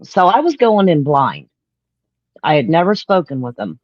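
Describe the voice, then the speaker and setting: A woman from Florida with a Southern accent, talking frankly as a guest. Her voice sits on the low side for a woman. It comes through a dull, muffled line with a dry sound. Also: very animated, moderate pace, darkish tone, no echo. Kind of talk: casual interview chat.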